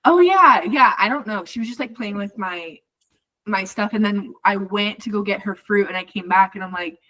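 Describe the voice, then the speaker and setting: A woman's voice: medium pitch, fairly quick, fairly bright tone, poor audio. A young woman co-hosting a podcast, telling stories in a rambling, casual way with lots of fillers. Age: young adult. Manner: rambling storytelling with many fillers. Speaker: podcast co-host. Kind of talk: casual chat.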